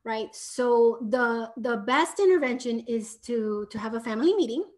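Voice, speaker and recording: Soothing, fairly high-voiced woman giving parenting advice. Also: animated, normal speed. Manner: explanatory, frequent "right?" check-ins; soft soothing tone at times. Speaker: parenting educator. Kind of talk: live Q&A advice talk.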